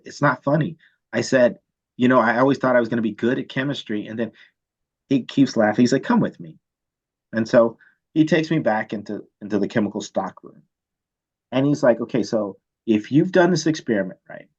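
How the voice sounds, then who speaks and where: A man lecturing on chemistry in a loose, talkative way, tossing in "right?" as he goes. His voice sits at a middle pitch, and the lo-fi recording dulls it a little. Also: slightly rough. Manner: animated, casual, repeats "right?" often. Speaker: chemistry teacher. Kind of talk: storytelling lecture.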